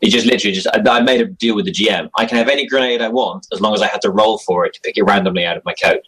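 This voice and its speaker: A man's voice: on the low side, very fast, a bit bright, slightly rough, low-quality recording. A young man chatting casually as an interview guest about his role-playing game character, rambling and self-deprecating with frequent chuckles. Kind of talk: casual chat.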